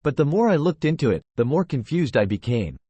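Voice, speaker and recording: A computer-generated male voice reading the lines of a calm, measured elderly man from a fantasy novel. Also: mid-range voice, slightly rough, dry recording. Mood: stern. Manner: calm and measured, turning stern.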